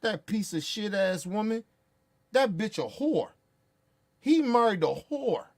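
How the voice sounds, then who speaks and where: A man's voice: high-pitched, very animated, a little slow. A man ranting in profane, heated commentary, blunt and repetitive. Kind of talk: profane political rant.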